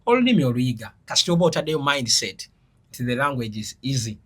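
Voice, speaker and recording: A Ugandan man with a mid-range, slightly rough voice talks fast as a guest in a casual interview chat. He's an animated storyteller who explains words like a teacher and laughs now and then.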